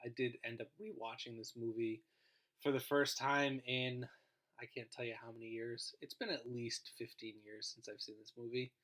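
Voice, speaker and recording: A man's voice: medium pitch, level tone, normal speed, fairly bright tone. A man giving a recorded grammar lesson as a guest teacher, explaining in an informal way and trailing off at the ends of phrases.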